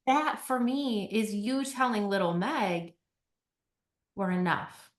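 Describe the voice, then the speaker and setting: A woman's voice: fairly high pitch, lively intonation, measured pace. A woman guest on a podcast who talks about healing in a reflective, earnest way, often checking in with a questioning "right?". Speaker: podcast guest, company CEO. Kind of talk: conversational podcast interview.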